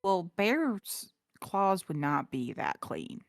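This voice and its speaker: A woman's voice: fairly low pitch, sing-song, slow pace, no echo, clean studio sound. A woman playing a tabletop game, chatting casually and playfully. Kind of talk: casual chat.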